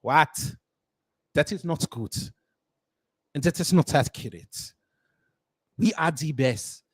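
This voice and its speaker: A man's voice: a little high, takes it slowly, husky, no room sound. A man putting on an African accent with rolled R's, reading out a news story in a mocking, boastful way. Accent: put-on African.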